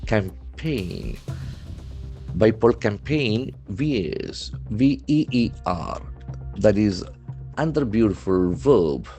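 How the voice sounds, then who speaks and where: Deliberate low-voiced teacher. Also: male voice, animated, mellow, faint music behind. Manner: slow, deliberate, spells words letter by letter. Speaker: English language trainer. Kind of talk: newspaper vocabulary lesson.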